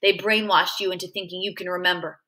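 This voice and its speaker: A woman voicing a menacing grown man, a cold killer father, speaking low, slow and calm. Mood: cold menace.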